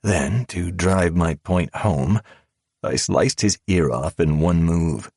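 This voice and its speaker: A man narrating a first-person audiobook in a calm, cold drawl. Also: deep voice, takes it slowly, husky, no room sound, studio quality.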